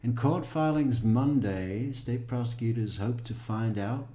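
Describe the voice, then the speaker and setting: A man's voice: medium pitch, a little slow, warm tone, echoey room. A man reading a news article aloud as a true crime commentator, breaking in with wry, sarcastic asides.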